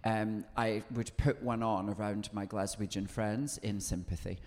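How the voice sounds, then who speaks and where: A man hosting a casual chat, thoughtful and articulate, gently teasing his guests. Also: lowish voice, steady tone, a little slow, in a large hall. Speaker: host.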